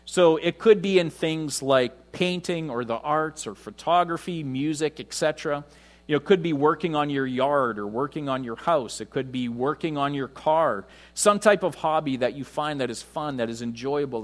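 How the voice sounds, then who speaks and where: A man preaching a conversational sermon in church, with frequent pauses. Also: a little high. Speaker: pastor.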